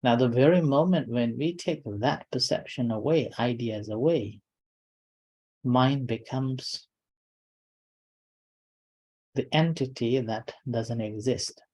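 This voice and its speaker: A male meditation teacher giving a calm dharma talk. His voice is soft and mellow, and he speaks slowly, in short phrases broken by pauses. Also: mid-range voice, slightly rough, rough recording.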